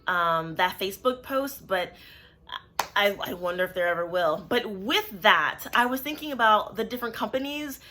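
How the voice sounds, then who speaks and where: A woman's voice: mid-range voice, moderate pace, noisy background. A woman who works as a clinical social worker, talking candidly and casually to her viewers, with plenty of fillers. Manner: candid, conversational, many fillers. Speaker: licensed clinical social worker and therapist, channel host. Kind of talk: casual talk to camera.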